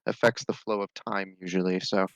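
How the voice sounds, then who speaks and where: A man playing his character in a tabletop role-play game, explaining things in a measured, scholarly way. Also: low voice, steady tone, clean tone, no echo, rough recording.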